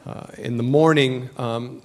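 A man's voice: mid-range voice, fairly even intonation, unhurried. Casual storytelling man preaching. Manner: casual, storytelling, joking asides. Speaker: pastor. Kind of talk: sermon.

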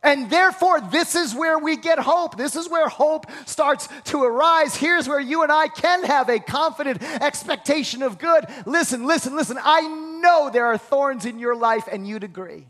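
A man preaching a sermon as pastor, emphatic and repetitive, sometimes dropping to a hushed prayerful voice. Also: extremely high pitch, moderate pace, few pauses.

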